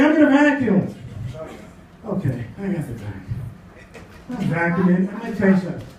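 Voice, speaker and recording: Stand-up comic, male, high voice, lively storyteller, echoey club mic from a distance. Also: noisy background. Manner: animated storytelling, acts out dialogue. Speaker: stand-up comedian. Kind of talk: stand-up comedy set. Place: comedy club. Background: audience laughter.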